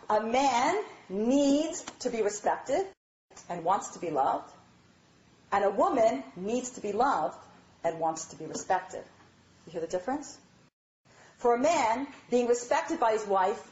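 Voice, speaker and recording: A woman giving a lively, chatty lecture on marriage, often checking in with her audience. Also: fairly high pitch, slight background noise. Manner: animated, chatty, asks "all right?" often. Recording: dull, roomy hall recording.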